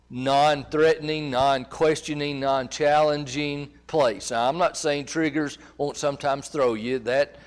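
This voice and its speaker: A man presenting a marriage seminar in a church, talking conversationally and checking in with his audience. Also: mid-range voice. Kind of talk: teaching a seminar.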